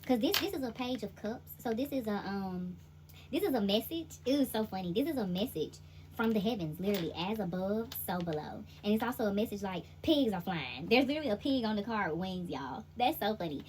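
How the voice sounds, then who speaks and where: A woman's voice: mid-range voice, big pitch swings, a little fast, a little mellow, a little hiss or hum. A woman with a Southern US accent giving a chatty, laughing, slangy tarot reading. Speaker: intuitive tarot reader.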